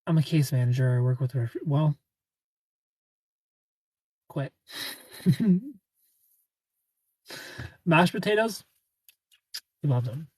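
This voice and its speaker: Husky, playful livestream host. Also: male voice, fairly high pitch, lively intonation, takes it slowly, long pauses, a little mellow, no room sound. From Ohio. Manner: playful, laughs often, greets viewers by name. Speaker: live stream host. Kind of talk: casual live stream chat.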